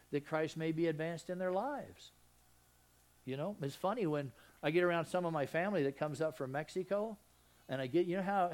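A man's voice: fairly high pitch, darkish tone. Folksy Southern man preaching a sermon. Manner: folksy, conversational preaching with questions to the congregation. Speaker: pastor.

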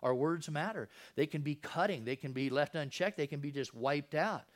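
A man's voice: fairly high pitch, normal speed. A man giving a casual Bible teaching in a folksy, conversational way, often asking his listeners rhetorical questions. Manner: folksy, repeats and restarts phrases. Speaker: Christian preacher.

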